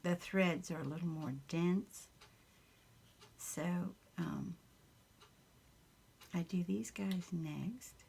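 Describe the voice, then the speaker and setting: Southern lady crafting at home, slow easy chat, lots of ums and little chuckles, gravelly voice. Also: fairly low pitch, a little mellow, slight background noise. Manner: rambling, chuckling, with many ums. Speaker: craft vlogger. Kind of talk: casual chat while crafting.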